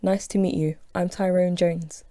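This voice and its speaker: Confident charming young male boss, smooth, cheerful, dark mellow tone, woman reading him. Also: lowish voice, fairly even intonation, normal speed, no room sound, clean studio sound, lightly acted.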